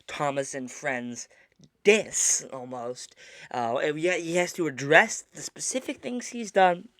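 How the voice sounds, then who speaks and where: A man's voice: fairly high pitch, a bit bright, dry recording. Male co-host, casual chat, frequent restarts, dry studio sound. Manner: stammering restarts, mock-serious indignation. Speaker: podcast co-host.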